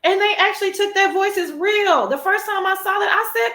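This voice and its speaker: A woman's voice: very high-pitched, moderate pace, few pauses, reverberant. Sassy, profane woman hosting a chat show. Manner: sassy, profane, animated, chatty. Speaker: talk show host. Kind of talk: casual livestream chat.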